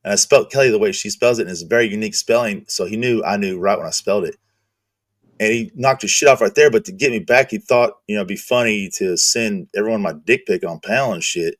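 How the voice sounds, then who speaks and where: A male streamer hosting a casual chat, telling profane, animated stories. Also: lowish voice, fast, dry recording, studio quality. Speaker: streamer host.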